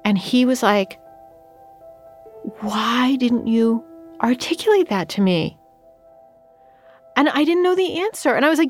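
Earnest woman author, smooth dry voice. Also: fairly high pitch, lively intonation, a bit bright, no room sound, soft background music. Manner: earnest, rushed, many restarts and quoted self-talk. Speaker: author, interview guest. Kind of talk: candid interview conversation.

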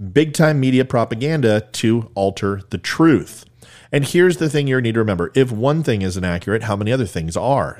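A man hosting his own podcast, talking solo in a joking, sarcastic way with quick asides. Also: medium pitch. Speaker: podcast host. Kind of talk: solo comedic podcast monologue.

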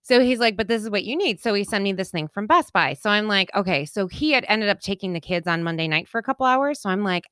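Bright-voiced woman telling a story. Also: mid-range voice, fast talker, hardly any pauses, clean tone, no room sound. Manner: animated, mimics people she quotes. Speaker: podcast co-host. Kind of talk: casual storytelling chat. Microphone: studio microphone.

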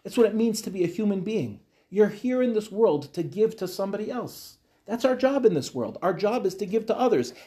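High-voiced rabbi giving a lively talk. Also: male voice, fairly quick, hardly any pauses. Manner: animated, rhetorical questions and retold dialogues. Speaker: rabbi teaching a class. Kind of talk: Torah class lecture to young women.

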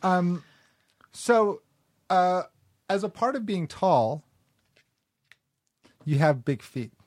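A man's voice: high-pitched, animated, drawn-out words, a little mellow, no room sound. Rambling, self-mocking man guest. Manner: rambling, self-deprecating, jokey. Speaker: actor and guest. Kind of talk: casual chat.

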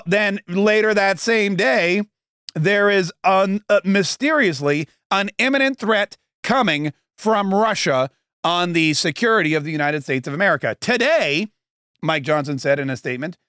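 A man's voice: on the high side, fairly bright tone, dry recording, studio quality. A man in his forties hosting a podcast, giving casual political commentary in a sarcastic, rambling way with mocking asides. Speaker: podcast host.

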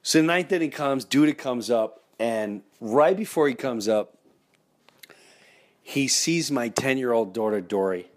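A middle-aged man, hosting a podcast and telling a story in an excitable way, breaking into loud impressions. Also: mid-range voice, unhurried. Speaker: podcast host. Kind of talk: animated storytelling.

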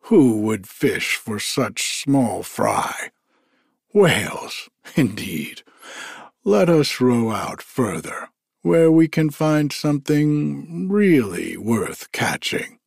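A man's voice: mid-range voice, sing-song, extremely slow, vocal fry, darkish tone, husky, dry recording, clean studio sound, heavily acted. A man voicing a bold, cheerful male god who teases his companion in a storybook reading. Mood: teasing. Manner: cheerful and teasing.

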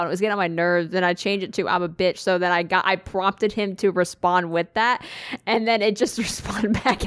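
A woman's voice: medium pitch, fairly even intonation, brisk, fairly bright tone. A woman co-hosting a podcast in casual chat, blunt and profane, laughing through her own stories. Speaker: podcast co-host.

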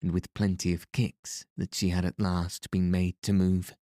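Man plays grubby old storybook trader; rasping lisp, obsequious, dark dry voice. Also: low-pitched, flat delivery, measured pace, no echo. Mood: wheedling. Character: elderly grimy male trader, humble and wheedling.

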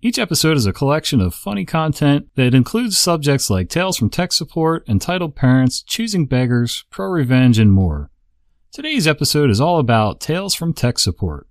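A man hosting a podcast, reading stories aloud in an expressive, amused way. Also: on the high side, normal speed, no echo, clean studio sound. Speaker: podcast host and story reader. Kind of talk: story narration.

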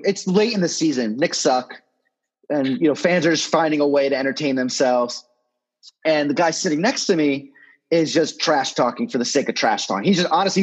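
A man's voice: on the high side, animated, fairly quick, slightly rough. A man in his thirties, a sports agent, telling stories in a casual, rambling way with some swearing, as a podcast guest. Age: 30s. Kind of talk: podcast interview storytelling.

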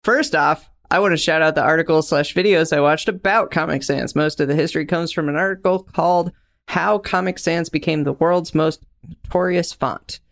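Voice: medium pitch, moderate pace, creaky, a bit bright. A young adult co-hosting a podcast, talking in a casual chat that runs into enthusiastic, rambling tangents. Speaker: podcast co-host.

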